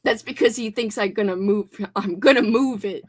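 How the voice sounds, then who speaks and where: A woman's voice: medium pitch, normal speed, darkish tone. A young woman hosting a casual livestream chat at home, giggly and playful, her voice tired. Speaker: livestream host.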